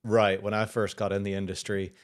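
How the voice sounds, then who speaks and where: A man's voice: on the low side, little pitch movement, brisk. A man hosting a podcast conversation, playful and teasing as he asks his questions.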